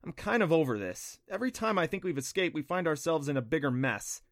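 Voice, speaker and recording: A man's voice: a little high, very animated, fairly quick, no echo, clean studio sound, pitched above the performer's own voice. A man voicing an anxious, frustrated young girl adventurer in a storybook, with a worried, fretful delivery.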